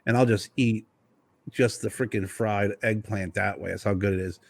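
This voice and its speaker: A man co-hosting a casual podcast, telling animated stories and peppering his speech with mild swearing. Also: on the low side, moderate pace, creaky, dry recording. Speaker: podcast co-host. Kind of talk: casual chat.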